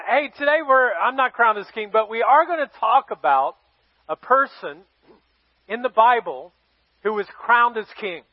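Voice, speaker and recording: A man's voice: sits high, no room sound, muffled recording. A man preaching a sermon as pastor, telling a scripture story in a playful, joking way.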